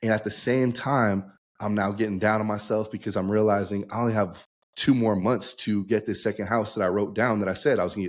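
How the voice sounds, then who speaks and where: A young man, a podcast guest, telling his story casually and acting out the dialogue he quotes. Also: fairly low pitch. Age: young adult.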